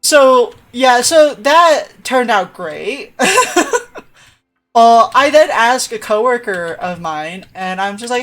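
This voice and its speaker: A woman's voice: mid-range voice, animated, unhurried, fairly bright tone, faint music behind. A woman livestreamer telling a story in casual chat, laughing often and acting out the voices of the people she quotes.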